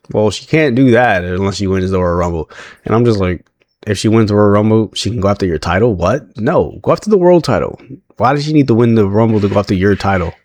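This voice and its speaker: A man with a fairly low voice talks through a recap in a loose, rambling way, full of fillers and self-corrections. He chuckles often as he retells what happened. The sound is dry and close, with no room around it. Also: no room sound. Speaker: wrestling recap vlogger. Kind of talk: casual spoken recap.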